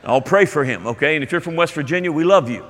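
A man's voice: fairly high pitch, lively intonation, fast talker, a bit bright. A male pastor delivering a sermon, speaking emphatically and chatting directly with his congregation in a church. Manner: emphatic, conversational preaching with asides to the congregation. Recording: long hall reverb.

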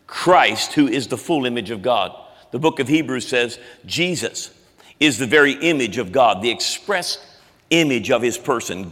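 A man preaching a sermon, swinging between loud emphatic lines and quiet low ones. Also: big-room sound. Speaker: pastor.

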